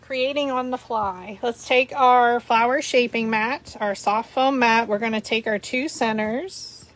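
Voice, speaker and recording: A woman leads a live paper flower tutorial at a measured pace, her voice a little high and a bit bright. Chatty and prone to giggling, she explains each step as she works and laughs with viewers.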